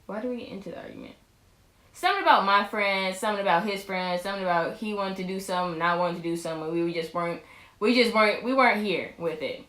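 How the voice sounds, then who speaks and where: A woman's voice: mid-range voice, fast talker, a bit bright. A young woman, a vlog co-host, rambling casually through a storytime with lots of restarts. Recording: roomy echo.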